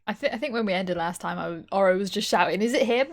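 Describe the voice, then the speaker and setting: A woman's voice: on the low side, fast. A woman playing a tabletop game, playfully threatening a prisoner in character. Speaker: player. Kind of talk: casual tabletop role-play.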